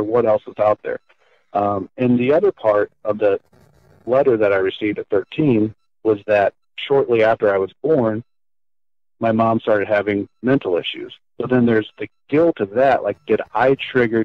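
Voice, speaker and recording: A man with a low voice tells a personal story in an interview, earnest and halting, often stopping to rephrase. The recording is dull and slightly lo-fi, with a dry, close sound. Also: no room sound. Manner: earnest and halting, with frequent restarts. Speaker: guest.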